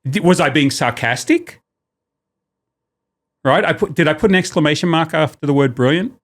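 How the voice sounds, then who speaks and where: A man's voice: a little high, normal speed. Joking man chatting as podcast guest. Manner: joking, talks through examples with shifting emphasis. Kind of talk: casual chat.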